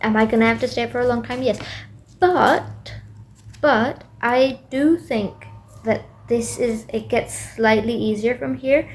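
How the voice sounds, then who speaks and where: A woman's voice: fairly high pitch, unhurried. A young woman student chatting casually in a video diary, rambling with lots of fillers. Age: young adult. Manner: rambling, self-talking with many fillers. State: tired late at night. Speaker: student vlogger.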